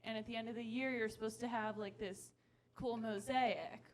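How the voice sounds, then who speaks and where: A woman's voice: fairly high pitch, normal speed. A young woman performing a self-deprecating stand-up set on a comedy club stage into a handheld mic. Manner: self-deprecating, animated, laughing between lines. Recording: club recording with crowd laughter. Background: audience laughter.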